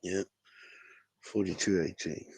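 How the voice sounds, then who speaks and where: A man's voice: low voice, fairly even intonation, slow pace, vocal fry, darkish tone, husky, no echo. A man with a New Zealand accent hosting a casual fan livestream, laid-back and slangy, calling everyone bro. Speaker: fan show host.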